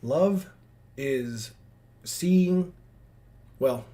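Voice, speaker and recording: A father pours his heart out to his daughters in an emotional vlog. His voice swings up and down with feeling, and he circles back over his own words, restarting sentences as he goes. The pitch sits in an ordinary middle register. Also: expressive, drawn-out words, dark tone.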